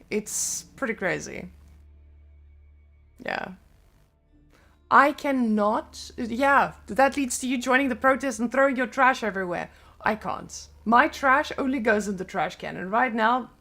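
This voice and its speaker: A woman's voice: mid-range voice, fairly bright tone. A young adult woman with a Serbian accent, chatting casually on a live stream in loose, non-native English.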